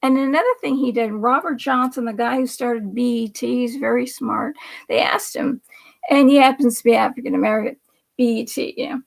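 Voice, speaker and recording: Gravelly high-voiced woman ranting. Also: fairly even intonation, a little fast. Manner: indignant and sarcastic, with repeated asides and dropping into whispers. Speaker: livestream host. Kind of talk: rambling political commentary.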